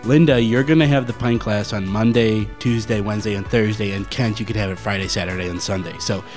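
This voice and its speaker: A man's voice: on the low side, steady tone, fairly quick, darkish tone, faint music behind. A man co-hosting a casual podcast, joking and bantering with his co-hosts. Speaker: podcast co-host. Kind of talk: casual chat.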